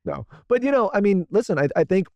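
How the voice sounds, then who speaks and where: A man's voice: high-pitched, lively intonation, creaky, darkish tone, no echo. A man co-hosting a podcast, talking casually in a rambling way with lots of fillers. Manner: rambling, fast, many fillers. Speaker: podcast co-host.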